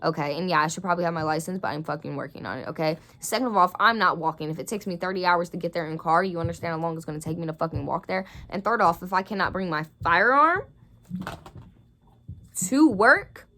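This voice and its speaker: A young woman with a slightly low voice rants to camera in a storytime vlog. She is indignant and swears constantly as she tells the story, heated and blunt throughout. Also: steady tone, rapid-fire, hardly any pauses, fairly bright tone. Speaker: vlogger.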